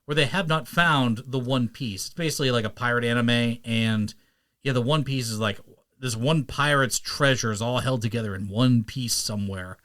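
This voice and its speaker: A man hosting a casual podcast chat, talking loosely with quick asides. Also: mid-range voice, fairly bright tone. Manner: chatty, quick asides and impressions. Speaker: podcast host.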